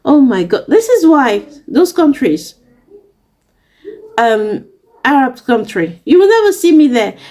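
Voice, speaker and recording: A woman's voice: sits high, sing-song, measured pace, pauses often, warm tone. A young woman from Africa telling a story to camera in a passionate, indignant and emphatic way. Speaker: vlogger. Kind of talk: casual storytelling rant to camera.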